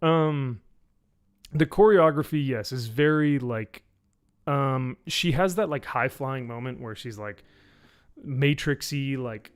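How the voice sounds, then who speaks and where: A man's voice: mid-range voice, unhurried, clean tone. A man giving a casual spoken review, rambling and swearing, with lots of fillers. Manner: rambling, profane, with frequent fillers. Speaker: YouTube reviewer.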